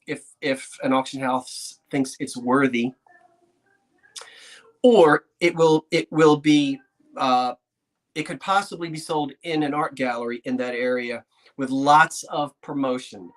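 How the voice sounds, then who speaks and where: Excitable chatty man vlogging about antiques. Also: medium pitch, a little slow. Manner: chatty, excitable, laughs often, talks to himself. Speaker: antiques dealer. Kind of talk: casual vlog talk to viewers.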